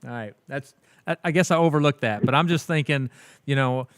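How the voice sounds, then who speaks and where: A man's voice: mid-range voice, fairly quick. A man hosts an interview and asks casual, joking questions with a teasing edge. His voice sits in a mid range and sounds close and dry, with no room echo. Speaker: interview host.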